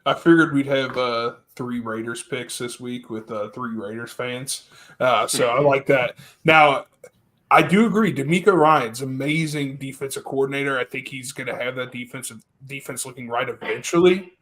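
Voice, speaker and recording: A man's voice: medium pitch, fairly even intonation, moderate pace, few pauses, a bit bright. A man hosting a sports betting podcast, reading out picks and agreeing easily, with frequent laughs. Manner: laughing, agreeable, passes the floor. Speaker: podcast host. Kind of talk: casual sports betting talk.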